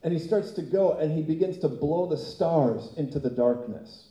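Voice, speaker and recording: A man preaching a sermon as pastor, telling an animated story and often laughing. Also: on the high side, normal speed, echoey room, low-quality recording.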